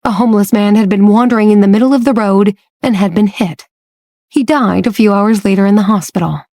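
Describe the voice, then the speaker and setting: A woman reading a romance audiobook as scripted narration, telling the story slowly and evenly. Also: medium pitch, warm tone.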